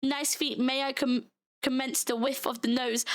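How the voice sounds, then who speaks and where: A young British woman chatting casually on a livestream, bubbly and giggly, her voice hoarse and giving out. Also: sits high, level tone, normal speed. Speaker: VTuber streamer.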